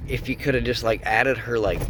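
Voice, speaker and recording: A man's voice: mid-range voice, steady tone, brisk, fairly bright tone. A man rambling and joking while picking through curbside trash at night, out of breath at times. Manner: joking, rambling, mock voices of viewers. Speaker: scrap picker vlogger. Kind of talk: rambling casual vlog. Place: outdoors at night, curbside and in a vehicle. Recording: noisy outdoor night recording.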